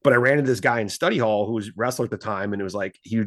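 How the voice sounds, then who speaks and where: Male guest in his 40s, rapid lively storyteller who quotes himself, dry close recording. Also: fairly low pitch, dry recording. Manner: energetic, acts out his own past dialogue in quotes. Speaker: guest, entrepreneur and former stockbroker. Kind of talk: casual interview storytelling. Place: Fort Worth, Texas.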